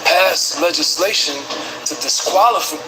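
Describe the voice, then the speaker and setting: A man being interviewed on a podcast, speaking in a measured, halting way. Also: on the high side, over loud music, rough recording. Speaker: interview guest.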